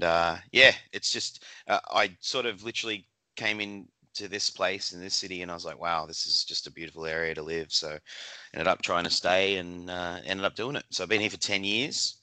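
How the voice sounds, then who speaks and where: A man with an Australian accent tells stories casually as a podcast guest, laughing often and stumbling through fillers and restarts. His voice is low and very bright, with a dry sound right on the mic. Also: no room sound. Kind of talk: casual interview chat.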